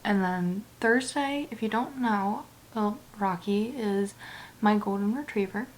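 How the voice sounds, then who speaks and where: A young woman talking casually to camera in a personal vlog, soft and halting, often dropping to a near whisper and close to tears. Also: mid-range voice. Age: young adult. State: tearful. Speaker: book vlogger.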